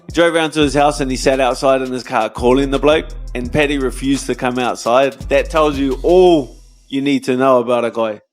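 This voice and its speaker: A man's voice: medium pitch, steady tone, moderate pace, soft background music. Man telling a scornful story. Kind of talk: casual chat.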